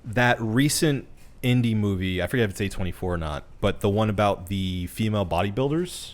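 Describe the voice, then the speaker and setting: A man's voice: on the low side, lively intonation, a little fast. A man co-hosting a podcast, chatting about a movie in a laid-back, jokey way. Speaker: podcast co-host. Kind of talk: casual movie review chat.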